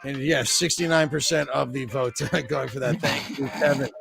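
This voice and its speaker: A man's voice: medium pitch, fairly even intonation, moderate pace, vocal fry, music in the background. A man with a New England accent hosting bar trivia, joking and chatty as he reads questions and scores. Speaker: trivia host.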